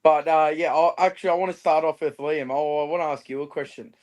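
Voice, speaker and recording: A man's voice: a little high, fairly even intonation, quick pace, darkish tone, highs cut off. A man co-hosting a footy podcast, teasing the others with chuckling banter. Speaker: podcast co-host. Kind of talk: casual footy chat.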